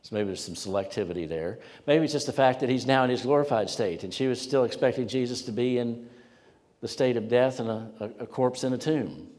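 Pastor, male, low-pitched, earnest sermon delivery with hushed moments, sanctuary reverb. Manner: earnest, rises loud for emphasis and drops to near whispers. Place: church sanctuary. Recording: long hall reverb.

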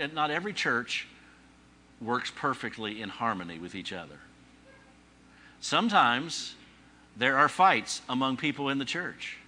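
A man's voice: medium pitch, pushed and bright. A man preaching a sermon in a conversational teaching style, driving points home with repeated phrases and dry, joking asides. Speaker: pastor.

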